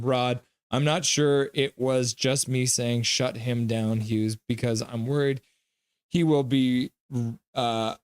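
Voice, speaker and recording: Guy reacting live to hockey, smooth voice, dry close sound, bounces around reading chat. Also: mid-range voice, dry recording. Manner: animated, reacts and jokes with chat. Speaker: live stream host.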